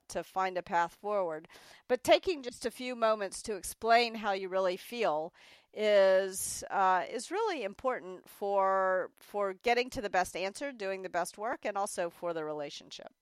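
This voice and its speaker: A middle-aged woman telling a story from her career as an interview guest, candid and animated, acting out the people she quotes. Her voice sits at a medium pitch and is recorded close and dry, with no room sound. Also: normal speed, clean tone, dry recording.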